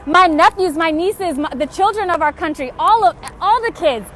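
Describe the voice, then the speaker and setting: Young woman with a very high voice, making frustrated, urgent appeals on a phone stream outdoors by a street. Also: lively intonation, moderate pace, fairly bright tone, faint music behind. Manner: impassioned, urgent, repetitive calls to action. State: frustrated and tired. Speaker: livestreamer. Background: faint passing traffic and honking.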